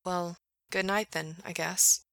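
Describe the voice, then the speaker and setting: A woman voicing an earnest, awkward young man who speaks quietly and hesitantly. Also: lowish voice, level tone, takes it slowly, gravelly, no room sound, exaggerated voice.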